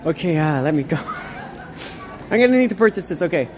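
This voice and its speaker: Excitable woman livestreaming a snowy walk. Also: sits low, moderate pace, a little hiss or hum. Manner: excitable, gushing, rambling. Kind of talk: walking livestream, reading chat. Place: outdoors on a snowy town walk.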